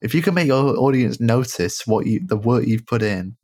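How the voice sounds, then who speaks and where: A man's voice: medium pitch, lively intonation, moderate pace, darkish tone, dry recording. A man, chatting casually and jokingly as a podcast co-host about a film. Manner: chatty, rambling, jokey.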